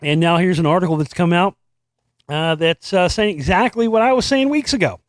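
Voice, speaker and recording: High-pitched guy ranting on his show, swears a lot, sarcastic, totally dry sound. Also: fairly quick, no room sound. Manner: sarcastic, swears freely, mocks what he reads. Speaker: host. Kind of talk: profane political commentary and article reading.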